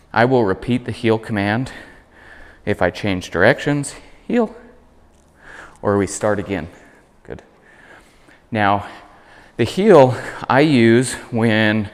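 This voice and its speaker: Calm low-voiced male dog trainer. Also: clear, resonant tone, big-room sound. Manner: calm explaining, high praise voice for dog. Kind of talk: instructional demonstration.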